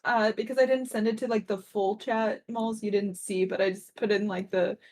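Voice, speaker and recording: A woman's voice: mid-range voice, fairly even intonation, normal speed, darkish tone, slight background noise. A woman player chatting casually after a tabletop game, laughing and rambling. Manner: laughing, rambling, full of fillers.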